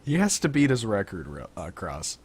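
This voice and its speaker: A man's voice: fairly low pitch, wildly swooping pitch, moderate pace, a little mellow, breathy edge, dry recording. A man hosting a casual gaming podcast, talking in an offhand, dry way and swearing now and then. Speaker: podcast host.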